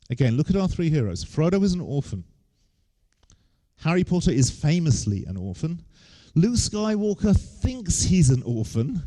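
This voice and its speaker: A man's voice: mid-range voice, warm tone. A man, giving a humorous lecture on stage with wry, joking asides. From England.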